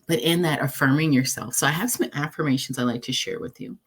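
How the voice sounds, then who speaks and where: A woman's voice: low-pitched, quick pace, slightly rough. A woman life coach giving a recorded encouraging presentation, earnest and conversational, reading affirmations aloud with the odd repeat and filler.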